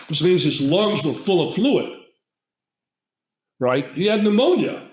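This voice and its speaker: An older man spins a rambling, digressive story, and his voice sits a touch high for a man. He drifts off on side notes and slips into the voices of the people he quotes. The sound is roomy, with a noticeable echo. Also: sing-song, a little slow, a little hiss or hum. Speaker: guest herbalist. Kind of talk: storytelling in a casual interview.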